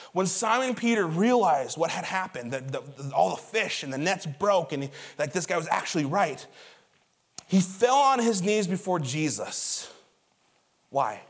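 Pastor, male, high-pitched, conversational sermon delivery, animated storyteller repeating words for emphasis. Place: church auditorium before a congregation.

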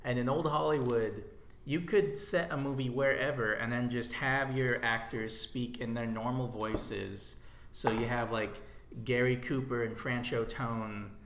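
Gravelly man in a roomy room. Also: mid-range voice, fairly even intonation, unhurried, a bit bright, slight background noise. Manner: explanatory, fond of film history. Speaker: podcast co-host. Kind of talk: casual film chat. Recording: roomy echo.

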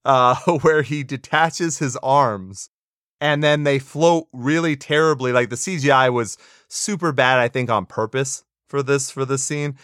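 A man's voice: mid-range voice, unhurried, fairly bright tone, clean tone, dry recording, clean studio sound. A man co-hosting a casual movie review podcast, opinionated and sarcastic, laughing often as he talks. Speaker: podcast co-host.

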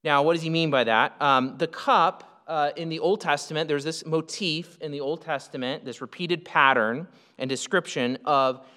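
A man from the United States preaching a sermon, talking to his congregation in a loose, conversational manner with frequent asides. His voice sits somewhat high for a man. The sound carries a long reverb, as in a large hall. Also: normal speed, few pauses, sharp tone. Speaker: pastor.

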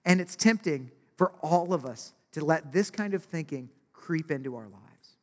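A man's voice: fairly high pitch, expressive, normal speed. A man preaching a sermon in a conversational way, often asking "right?" and acting out quotes. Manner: conversational, with frequent "right?" asides and acted-out quotes. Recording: long reverb of a large hall.

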